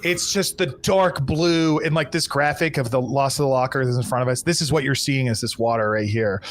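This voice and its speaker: A man running a live tabletop pirate game as game master, explaining rules and narrating a storm with restarts and fillers. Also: medium pitch. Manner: rambling, restarts and fillers, brisk rules talk.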